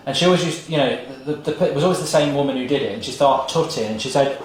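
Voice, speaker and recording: A man's voice: a little high, fast talker, hardly any pauses, distant mic. Man rambling in an echoey room. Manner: rambling anecdotes, acts out dialogue. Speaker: host in his own archive clips. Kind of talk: casual storytelling monologue. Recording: very echoey room with faint noise.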